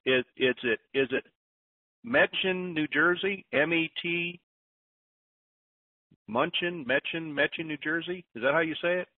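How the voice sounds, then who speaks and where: A man's voice: fairly high pitch, a little fast, hardly any pauses, no room sound. A man hosting a conference call, giving folksy advice and often restarting his sentences. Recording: tinny phone line.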